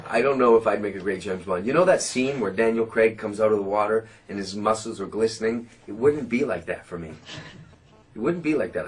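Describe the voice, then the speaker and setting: A Canadian man answering interview questions in a joking, self-mocking, rambling way. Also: on the low side. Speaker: interview guest. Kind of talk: playful interview chat.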